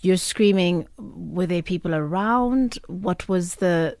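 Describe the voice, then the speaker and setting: A woman's voice: fairly low pitch, slow, gravelly, darkish tone, no room sound, studio quality. A woman hosting a show, asking a guest probing and sympathetic questions. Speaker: radio show host. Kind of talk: interviewing a guest.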